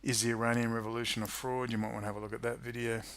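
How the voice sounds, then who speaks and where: A man's voice: mid-range voice, level tone, very fast, creaky, fairly bright tone. A man delivering an angry, sarcastic political rant to camera, swearing freely. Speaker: political commentary youtuber. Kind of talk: ranting monologue to camera.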